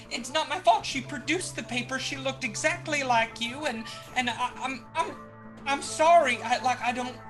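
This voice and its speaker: A woman's voice: fairly high pitch, voice pushed up, natural voice. A woman playing a flustered, nervous female space dock shipmaster who stammers and apologizes, with music behind. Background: background music.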